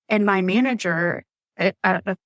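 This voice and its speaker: A woman's voice: medium pitch, dry recording. A woman who works as a nurse, telling her story as a podcast guest in a chatty way with many fillers. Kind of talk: casual storytelling interview.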